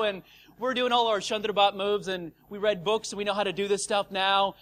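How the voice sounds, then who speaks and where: Male preacher, high and bright, casual and energetic, bursts into loud acted-out moments. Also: fairly quick. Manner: energetic, casual, animated with shouted acted-out scenes. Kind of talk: sermon.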